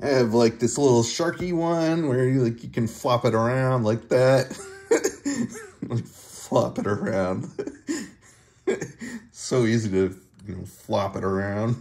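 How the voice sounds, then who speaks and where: A man casually showing off his toy collection, giggling often and talking haltingly with many fillers and restarts. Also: medium pitch, animated, a little mellow. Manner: giggly, laughs often between phrases. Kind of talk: casual show-and-tell video.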